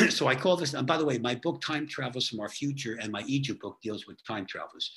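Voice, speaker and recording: On a podcast, a male guest who works as an author and therapist chats his way through stories about his clients' cases, tacking "okay?" onto many sentences. His voice is mid-range and fairly bright, and he talks fast.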